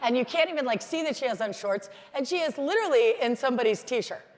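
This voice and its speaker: A middle-aged American woman telling stories in a lively, chatty motivational conference talk. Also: high voice, fast talker. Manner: storytelling, animated, chatty with many "like"s. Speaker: keynote speaker. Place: large conference hall. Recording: hall reverb from a stage mic.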